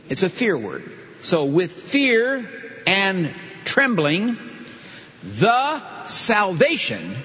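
A male pastor preaching a sermon, teaching with animated emphasis and lively explanations. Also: fairly high pitch. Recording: dull audio in a reverberant hall.

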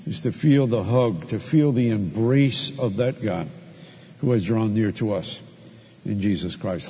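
In church, a man preaches a sermon with a fairly low, mellow, slightly rough voice at a measured pace, a long reverb tail trailing his words. He tells a personal story, acting out his own raised voice in the arguments he quotes, then leads a closing prayer.

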